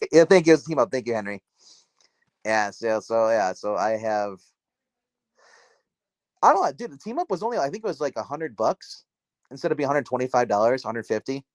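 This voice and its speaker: Man, casual livestream host, mid-pitched, dry close sound, rambling with lots of fillers, talking from home on a phone. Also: very animated, a little fast, long pauses, dry recording. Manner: rambling, self-interrupting, filler-heavy. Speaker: comic book livestream host. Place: dark room at home.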